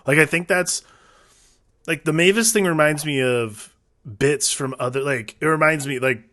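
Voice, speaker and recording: A man's voice: on the high side, moderate pace, bright, forceful tone, dry recording, studio quality. A man in his thirties co-hosting a casual film podcast, rambling with many fillers as he talks. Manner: rambling, lots of filler "like", restarts. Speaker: podcast co-host.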